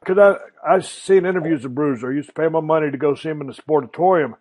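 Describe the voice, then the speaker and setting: Male podcast host, slightly higher voice, blunt casual questions, dry studio. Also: fast, a little mellow, dry recording. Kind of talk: conversational interview.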